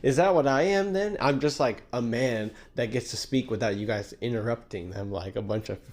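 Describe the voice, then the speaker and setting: A man's voice: mid-range voice, moderate pace, darkish tone. A man streaming, reacting to a clip with a sarcastic, mocking rant.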